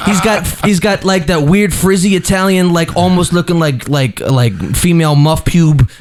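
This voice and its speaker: A man's voice: high voice, moderate pace, a little hiss or hum. A young man on a podcast telling a long story in a rambling, casual way, full of fillers and restarts.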